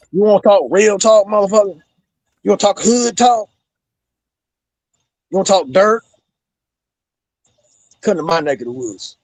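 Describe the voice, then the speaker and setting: Ex wrestler guy cussing out a rival, raspy high voice, dry close mic. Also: expressive, moderate pace, long pauses, a little mellow, no echo. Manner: menacing, profane, repeats "bro". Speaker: former pro wrestler, guest. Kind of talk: heated profane promo-style rant.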